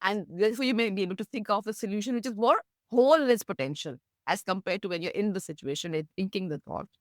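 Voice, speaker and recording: A woman, a meditation teacher, explaining mindfulness through gentle stories in an interview. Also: fast, dry recording, studio quality. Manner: gentle storytelling, lively pitch, laughs softly.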